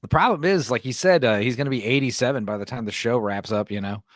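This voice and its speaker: A man's voice: medium pitch, quick pace, no room sound, studio quality. A man hosting a loose livestream chat, swearing freely and reading viewer comments aloud. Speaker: podcast host.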